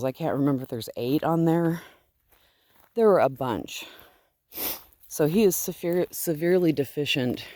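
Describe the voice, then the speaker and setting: A woman who owns a fiber farm and raises sheep chats casually and affectionately in a vlog as she walks outdoors on her land, rambling a bit and using fillers. Her voice is low and mellow, with no echo.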